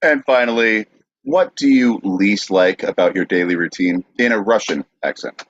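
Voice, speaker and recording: A man hosting a podcast, asking questions in a steady, matter-of-fact way. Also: fairly low pitch, normal speed, dull audio. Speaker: podcast host.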